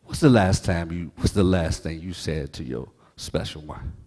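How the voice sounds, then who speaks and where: A man pastor preaching a sermon, folksy and joking, moving from quiet words to shouting. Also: low-pitched, moderate pace, long reverb tail. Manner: animated preaching, swings from hushed to shouting.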